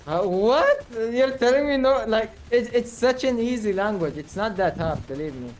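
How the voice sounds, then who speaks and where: Playful young man with a lively voice. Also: extremely high pitch, a little hiss or hum. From Middle East. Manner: playful, teasing, quick to laugh and protest. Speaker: streamer and gamer. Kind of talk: casual gaming banter.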